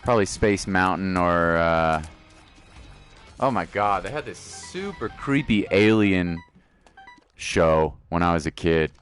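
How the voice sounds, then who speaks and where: A man's voice: low-pitched, expressive, slow pace, a bit bright, faint music behind. A man streaming a video game, chatting casually and laid-back with his viewers. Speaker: gaming streamer. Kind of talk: casual live-stream chat.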